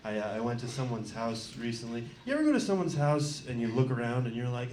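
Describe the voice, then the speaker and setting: A man around twenty doing a stand-up comedy set, awkward and self-deprecating, halting with lots of "uh"s. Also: mid-range voice, sing-song. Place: comedy club stage before a laughing crowd. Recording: echoey club with loud crowd laughter.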